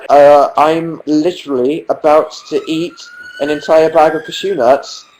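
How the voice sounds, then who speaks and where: A man's voice: a little high, steady tone, unhurried, a little mellow, low-quality recording. A young man hosting a casual livestream from his sofa at home, answering viewer questions in a dry, self-mocking way. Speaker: livestream host.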